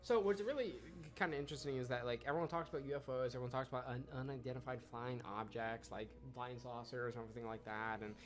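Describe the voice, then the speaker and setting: A man co-hosting a casual podcast, swearing often and breaking into loud laughing outbursts. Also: mid-range voice, fast talker, hardly any pauses. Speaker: podcast co-host. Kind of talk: casual chat.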